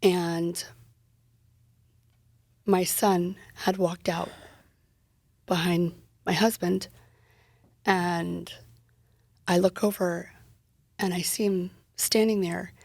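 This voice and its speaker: A woman retells a painful personal story in an interview, candid and emotional, and acts out the dialogue as she goes. Her voice is gravelly and husky. It is recorded close and dry. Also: on the low side, little pitch movement, drawn-out words, long pauses, a little mellow, no room sound. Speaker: podcast guest.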